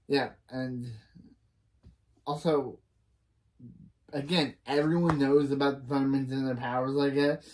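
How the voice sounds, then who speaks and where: Over some background noise, a reaction reviewer speaks in a mid-range voice with fairly even intonation, a measured pace, and frequent pauses. They run through a TV episode scene by scene in a casual way, retelling lines, restarting often to correct themselves, and offering opinions as asides.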